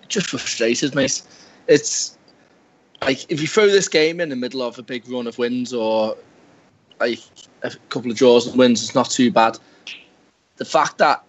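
A mid-pitched man chats on a casual podcast, exasperated but trying to stay upbeat. He talks in loose, informal runs. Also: poor audio. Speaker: podcast regular. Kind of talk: casual football podcast chat.

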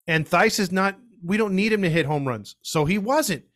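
A man's voice: high-pitched, lively intonation, normal speed, a bit bright. A man who is a guest co-host on a sports podcast, telling stories in a rambling, casual way. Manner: rambling, storytelling.

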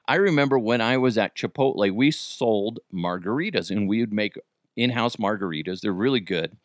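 Lively man ranting on a podcast. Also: normal speed, no echo, studio quality. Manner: animated storytelling, swearing, acting out quotes in higher voices. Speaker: podcast host. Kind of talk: casual comedic monologue.

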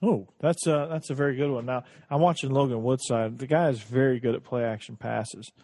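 A man with a husky voice chimes in on a casual sports podcast. His comments are short and upbeat, and the sound is dry and close. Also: medium pitch, steady tone, a little fast, darkish tone, dry recording. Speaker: podcast co-host.

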